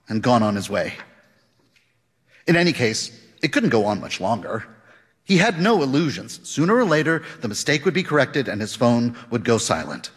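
Expressive male audiobook narrator, husky. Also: fairly high pitch, long reverb tail. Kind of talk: scripted narration of a novel.

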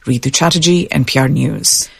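A woman reporter delivering a health news report in a measured way. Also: rumbling low, gravelly, slightly rough.

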